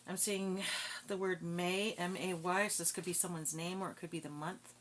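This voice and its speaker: A woman giving a casual psychic reading, thinking aloud in a slow, musing way. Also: lowish voice, steady tone, a little hiss or hum. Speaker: psychic card reader.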